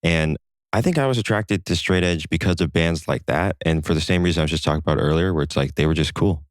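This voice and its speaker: A man talking casually as a podcast guest, telling relaxed stories with lots of fillers. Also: very deep voice, fast, no echo, clean studio sound. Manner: relaxed storyteller with frequent fillers. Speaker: podcast guest, co-founder of a satire site. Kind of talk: casual conversation.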